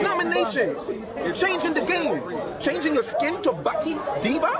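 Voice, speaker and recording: A man's voice: extremely high pitch, expressive, normal speed. A man delivering a preachy, repetitive, mocking rant at a streamer. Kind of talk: lecturing rant. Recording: loud crowd around.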